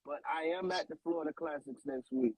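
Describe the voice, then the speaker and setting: A man's voice: a little high, big pitch swings, a little fast, vocal fry, a little mellow, a little hiss or hum, low-quality recording. A man, a guest artist on a radio show, talking in a laid-back, slangy way and often repeating himself. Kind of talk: casual radio interview chat.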